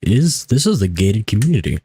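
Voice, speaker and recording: Groggy deep-voiced man streaming a game. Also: sing-song, a little fast, mellow, breathy edge. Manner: casual, rambling, self-talk while playing. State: groggy just-woke-up morning voice. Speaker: livestreamer. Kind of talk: live gameplay commentary. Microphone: desk streaming mic.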